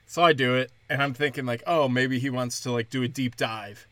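A man's voice: mid-range voice, steady tone, fairly quick, fairly bright tone, dry recording. A man hosting his own comedy podcast, talking casually and rambling with frequent swearing from a small closet. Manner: rambling, profane, conversational. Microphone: headphones and studio mic.

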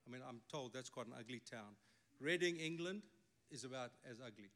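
A man's voice: medium pitch, expressive, brisk, fairly bright tone. A middle-aged man with a South African accent, a native Afrikaans speaker, preaching a sermon with emphatic delivery and wry asides. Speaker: pastor.

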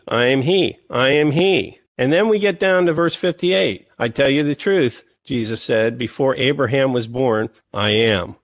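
A man preaching a sermon, reading scripture passages slowly and breaking into emphatic, lively comments between them. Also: medium pitch, no room sound.

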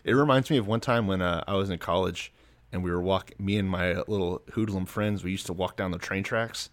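A man's voice: low voice, fairly quick. A man co-hosting a podcast, casually retelling a Bible story with swearing and laughter. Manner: laid-back storyteller, swears freely, laughs mid-sentence. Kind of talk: casual profane comedic chat.

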